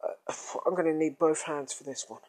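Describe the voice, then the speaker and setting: A man's voice: fairly high pitch, fairly even intonation, normal speed, darkish tone, lightly acted. A man putting on a groaning, exasperated man stuck on a toilet in a comic story. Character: man named John straining on a toilet.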